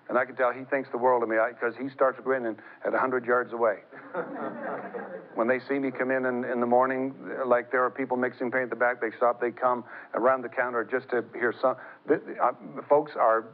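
Middle-aged guy preaching, animated storyteller, tinny phone-line sound. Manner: animated, rising high and laughing when telling stories. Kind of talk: sermon with storytelling.

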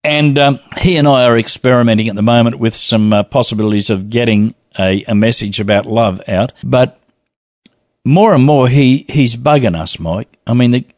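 A man's voice: medium pitch, normal speed, no echo. Chatty laughing male co-host. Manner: chatty, laughs often, playful asides. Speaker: podcast co-host reading a listener email. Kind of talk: casual chat.

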